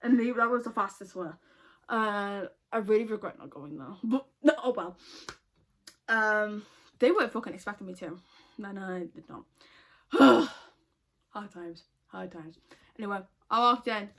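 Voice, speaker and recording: A woman's voice: mid-range voice, a little slow, long pauses, fairly bright tone. A young woman, telling a story casually in a profane, exasperated way. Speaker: vlogger.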